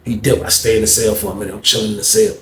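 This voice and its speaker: A man's voice: lowish voice, rapid-fire. A man casually telling a story in street slang, acting out the voices and cursing often. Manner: animated, acts out voices, heavy cursing. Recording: echoey room, faint noise.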